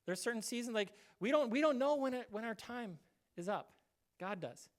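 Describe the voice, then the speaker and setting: A man's voice: extremely high pitch, expressive, normal speed. Pastor guy preaching, chatty and easygoing, acts out little bits. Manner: conversational, acts out little quoted voices. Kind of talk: sermon.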